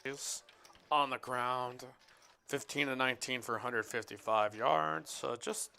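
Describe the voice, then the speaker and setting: In a card room commentary booth, a man calls a poker final table live, drifting off into talk about football and reading out viewer chat with a joking, casual air. His voice is medium-pitched, sharp and clean.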